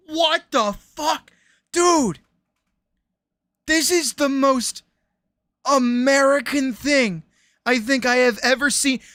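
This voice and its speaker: A woman streamer chatting casually on a live stream, reacting loudly with exclamations, swearing and laughter. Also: deep voice, no room sound. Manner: loud, exclamatory, swears freely, laughs often.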